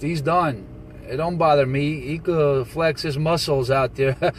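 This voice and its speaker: Man, New Jersey accent, CB radio regular, teasing and unbothered, higher voice, faint hiss behind. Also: low-quality recording. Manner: taunting, laughing, calm and teasing. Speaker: CB radio operator recording his channel. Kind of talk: casual radio banter, mocking.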